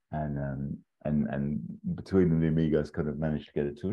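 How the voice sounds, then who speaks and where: Man, casual rambling storyteller. Very deep and dark-toned, dull lo-fi recording. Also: fairly even intonation, a little fast, few pauses. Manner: rambling, many fillers and restarts, acts out quotes. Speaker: podcast co-host pitching a story.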